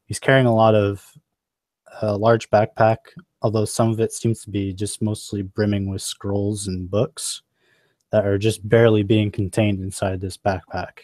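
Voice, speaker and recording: A man's voice: fairly low pitch, little pitch movement, moderate pace, a little mellow, no room sound. A man narrating as game master of a tabletop game, describing scenes unhurriedly with fillers.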